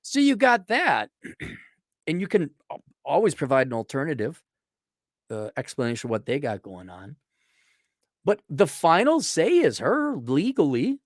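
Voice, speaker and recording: A man's voice: on the high side, huge pitch swings, measured pace, pauses often, no echo, studio quality. A middle-aged man giving a blunt, profane, casual monologue answering listener questions, acting out quoted exchanges.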